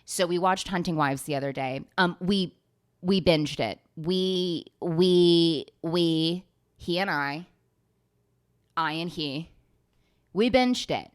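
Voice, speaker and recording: A woman's voice: lowish voice, takes it slowly, clean tone. A young woman hosting her own show, rambling sarcastically through a TV recap, swearing freely and laughing often. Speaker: podcast host. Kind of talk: casual comedic recap.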